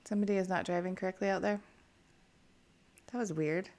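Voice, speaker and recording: Woman chatting with a friend, blunt, swears a lot, middle pitch. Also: steady tone, a little fast, a little mellow. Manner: frank, swears freely, storytelling. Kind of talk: casual chat.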